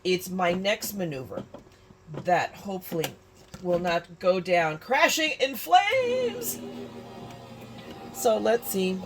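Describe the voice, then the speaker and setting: A woman's voice: mid-range voice, big pitch swings, slow pace, pauses often, faint music behind. A woman in her fifties from California, chatting through a crafting tutorial with lots of restarts and self-mocking asides. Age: 50s. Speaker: crafting YouTuber. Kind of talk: casual crafting tutorial chat.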